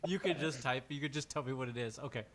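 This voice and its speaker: A man's voice: mid-range voice, fast talker, crowd noise. Rambling male game master. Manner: loose, rambling narration with restarts and laughs. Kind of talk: narrating a tabletop game.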